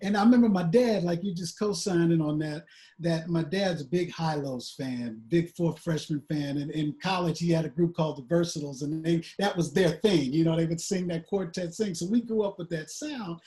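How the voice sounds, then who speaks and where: A man's voice: on the high side, normal speed, warm tone. A man hosting an interview, enthusiastic and affirming. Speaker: host. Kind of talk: interview conversation.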